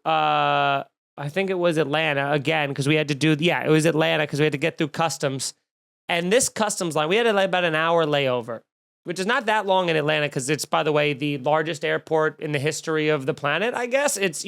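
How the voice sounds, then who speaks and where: A male comedian hosting his podcast, telling a snarky, animated story and acting out the people in it. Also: sits high.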